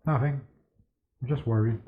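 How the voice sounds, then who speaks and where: A man's voice: mid-range voice, normal speed. A man who is a rabbi, giving a spoken lecture with stories and asking rhetorical questions. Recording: tinny phone-like sound.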